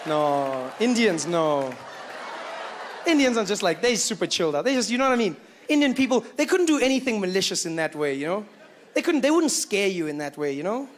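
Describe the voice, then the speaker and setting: A man's voice: high voice, background noise. A man with a South African accent doing stand-up comedy in a casual, conversational way. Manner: conversational, filler-heavy.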